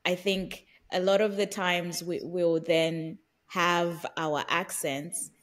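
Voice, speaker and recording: Low-voiced woman, lively podcast chat. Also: slow. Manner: lively, conversational, with playful asides. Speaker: podcast co-host. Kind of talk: casual conversation.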